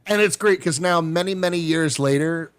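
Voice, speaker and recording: A middle-aged man telling a long personal story in casual chat, acting out the people he quotes with big jumps in pitch. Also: moderate pace, background noise. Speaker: podcast guest.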